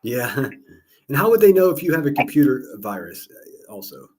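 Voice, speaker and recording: A man hosting a livestream call-in, relaxed and laughing often, rambling with fillers when he explains things. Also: medium pitch, moderate pace. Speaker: host. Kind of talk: casual livestream call-in chat.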